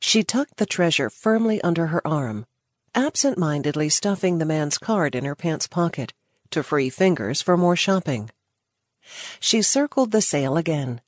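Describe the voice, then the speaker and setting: Expressive woman narrating a story. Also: deep voice, normal speed, no echo, studio quality.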